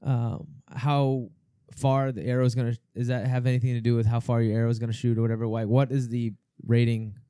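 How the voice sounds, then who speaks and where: A man's voice: mid-range voice, little pitch movement, fairly quick, hardly any pauses, warm tone, clear, resonant tone, no echo, clean studio sound. A man hosting a casual podcast, joking and rambling through his stories. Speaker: podcast host. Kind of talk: casual chat.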